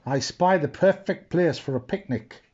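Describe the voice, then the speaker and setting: A man voicing a bossy pirate captain who barks orders in a raised, higher voice. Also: moderate pace, slightly rough, muffled recording. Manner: commanding, shouting orders.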